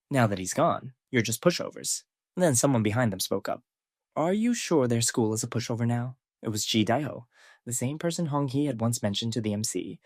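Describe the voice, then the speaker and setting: A man narrating a scripted story recap, reading characters' lines with heightened pitch. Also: no echo, studio quality.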